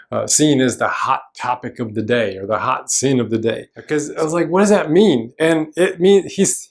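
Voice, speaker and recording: A man in the middle of his range, preaching a relaxed, conversational sermon in a church. He walks through the scripture in an explanatory way, with everyday phrasing, fillers and restarts. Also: medium pitch. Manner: casual, explanatory teaching with frequent fillers and restarts. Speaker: pastor.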